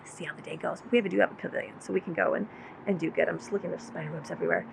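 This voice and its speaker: A woman who vlogs and homeschools her kids rambles chattily about her day at home, spending part of it out on her deck and talking to her pets in a high voice. Her speech is rapid-fire and gravelly. The recording is rough, with slight background noise.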